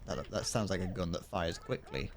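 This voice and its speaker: Here the young British streamer speaks in a low voice at a normal speed, joking and chatting playfully as he plays live from home. A slight background noise can be heard.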